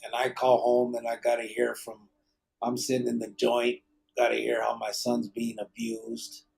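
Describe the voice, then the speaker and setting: A man's voice: medium pitch, completely flat delivery, normal speed, creaky, darkish tone, husky. A man hosting a podcast in casual, joking chat. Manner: joking, laughs often. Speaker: podcast host.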